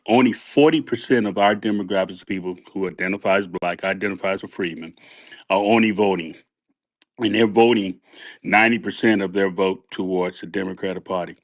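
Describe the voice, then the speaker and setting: A man's voice: lowish voice, no echo. A man speaking up as a caller in a live audio room, making an emphatic political point. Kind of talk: casual political talk.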